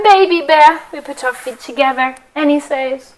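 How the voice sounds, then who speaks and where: A woman leading a children's yoga class through a story, playful and expressive, with a sing-song delivery. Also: high voice, normal speed, hardly any pauses, slight background noise, poor audio. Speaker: kids yoga teacher.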